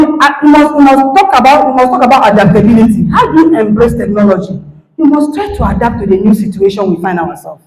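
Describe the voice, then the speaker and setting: Nigerian woman, middle-aged, lively swooping delivery, motivational speaker, roomy hall sound. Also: on the high side. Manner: animated, acts out quoted dialogue, checks in with listeners. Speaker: guest speaker, lecturer. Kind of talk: motivational talk to an audience.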